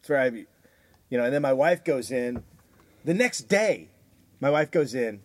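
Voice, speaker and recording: A man's voice: mid-range voice, lively intonation, normal speed, a little mellow, dry recording. A middle-aged man co-hosting a podcast, swearing freely and trading crude jokes in casual banter. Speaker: podcast co-host.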